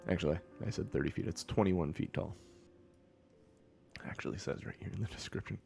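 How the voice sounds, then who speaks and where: A man's voice: sits low, a little fast, gravelly, long pauses, a little mellow, a little hiss or hum. A man narrating and running a tabletop roleplaying game as game master, often laughing between descriptions.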